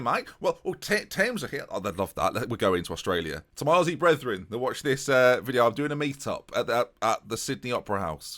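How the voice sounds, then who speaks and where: A young man chats over his game session at a desk mic. His voice sits in the middle range, and his delivery is loose and animated, with a self-mocking edge. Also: mid-range voice. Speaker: gaming YouTuber. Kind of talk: casual game commentary.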